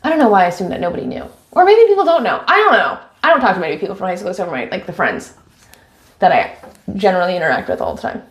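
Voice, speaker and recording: A woman's voice: fairly low pitch, very animated, rapid-fire, lo-fi sound. A young woman from Washington state, a streamer chatting casually and reading viewer messages aloud while getting ready at home. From Washington state, USA. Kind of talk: casual live-stream chat.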